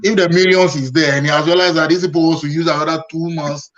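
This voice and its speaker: A man's voice: on the high side, little pitch movement, quick pace, a bit bright. A man arguing his points on a panel, emphatic and repetitive. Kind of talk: opinionated panel discussion. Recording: dull lo-fi sound.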